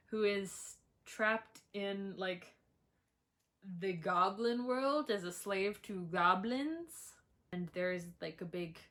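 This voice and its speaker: A young woman reviewing books she disliked, talking bluntly, swearing and laughing between animated outbursts. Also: mid-range voice. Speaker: book vlogger. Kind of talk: ranting book review.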